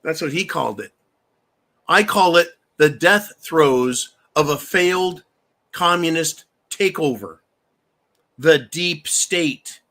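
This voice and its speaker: A man with a bright, fairly high voice hosts a casual live stream. He rambles loosely, swears freely and drinks shots on air. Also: takes it slowly. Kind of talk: casual political livestream talk.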